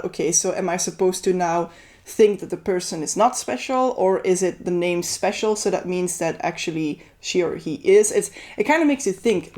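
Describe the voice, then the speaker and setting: A woman talking to camera in a casual, opinionated review voice, weighing up what works and what falls flat. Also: medium pitch. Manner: conversational, opinionated, critical. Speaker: book reviewer.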